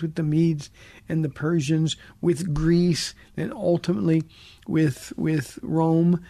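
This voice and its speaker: Pastor guy on call-in radio, gravelly husky voice, dry close mic, earnest preachy delivery. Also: on the high side, warm tone, no room sound. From United States. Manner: earnest, preacherly, with emphatic slow stresses. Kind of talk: radio call-in Bible teaching. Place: radio studio.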